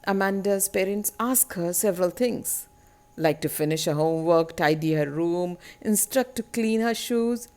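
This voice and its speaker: A woman teacher giving a literature lesson on a poem, explaining slowly and deliberately, repeating key words and asking rhetorical tag questions. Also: on the low side, darkish tone.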